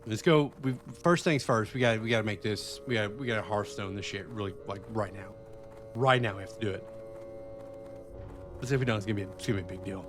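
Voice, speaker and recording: A man chatting casually to viewers while streaming a game, swearing a lot and swinging between excitement and frustration. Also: on the low side, fast talker, soft background music. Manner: profane, excitable, talks to chat. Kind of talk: live-stream gameplay chat.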